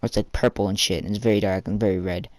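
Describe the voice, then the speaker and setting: A man's voice: fairly low pitch, steady tone, racing, a little mellow, dry recording. A teenage boy telling a rambling personal story for a vlog, full of fillers and casual swearing.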